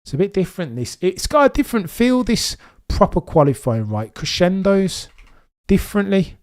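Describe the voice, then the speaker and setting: A man with a mild Birmingham accent hosts a live watchalong stream. He talks in an excitable, chatty way, speaking straight to his viewers as he commentates. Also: sits high, normal speed. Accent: mild Birmingham English. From Birmingham, England.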